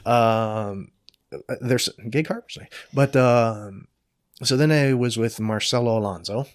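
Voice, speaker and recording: A man's voice: medium pitch, slow pace, dry recording, studio quality. A middle-aged man chatting as a podcast guest, rambling with many fillers and jokey asides. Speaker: podcast guest, jiu-jitsu black belt. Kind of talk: casual interview chat.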